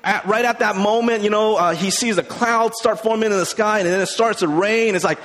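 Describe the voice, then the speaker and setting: A man's voice: sits high, a little fast, few pauses, a bit bright. A man preaching a sermon as a pastor, retelling a Bible story in a casual way with many fillers. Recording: long hall reverb.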